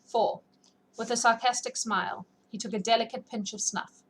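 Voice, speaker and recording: A woman reading a classic novel aloud, then slipping into relaxed, chatty talk with her listeners. Her voice sounds sore and slightly scratchy from a long read, with faint noise in the background. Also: fairly high pitch, moderate pace. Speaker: audiobook reader and streamer.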